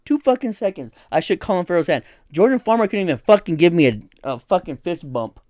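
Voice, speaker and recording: A man's voice: high voice, expressive, fast, darkish tone, no room sound, clean studio sound. A young man co-hosting a casual podcast, telling a story in an indignant, profane way. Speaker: podcast co-host.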